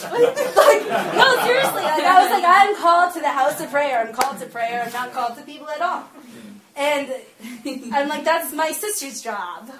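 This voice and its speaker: Sex: woman. Pitch: fairly high. Style: sermon with storytelling. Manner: chatty, laughs often. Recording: roomy echo, faint ambience. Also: noisy background. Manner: lively, chatty, laughs often while telling stories; slows down and softens for earnest teaching. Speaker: speaker giving a talk to a small gathering. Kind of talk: sermon mixed with personal storytelling.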